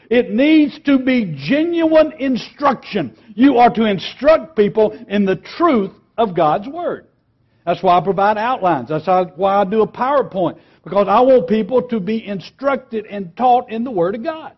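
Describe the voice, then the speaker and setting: A man teaching a lesson on preaching, emphatic and earnest, slowing down and dropping quiet on key words. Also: very high-pitched, highs cut off. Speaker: preaching instructor.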